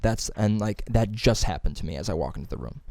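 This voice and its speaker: A man's voice: fairly low pitch, expressive, quick pace, darkish tone, no room sound. Young male podcast host, loose rambling storyteller, casual swearing, dry close mic. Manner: rambling storyteller, swearing freely, lots of fillers.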